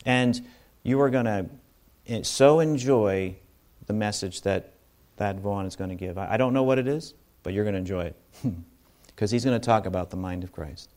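A man's voice: lowish voice, normal speed, darkish tone. A man giving an informal sermon to a congregation, talking conversationally with asides and restarts. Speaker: bible teacher.

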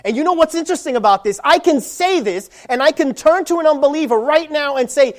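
A man preaching a sermon, animated, swinging from loud emphasis to quiet low asides and acting out little scenes. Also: normal speed. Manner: animated, acts out voices of dads and kids. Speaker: pastor.

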